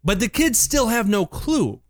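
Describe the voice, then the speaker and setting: A man's voice: high-pitched, big pitch swings, a little slow, no echo, clean studio sound. A man co-hosting a radio show, chatting casually on air with playful, teasing banter.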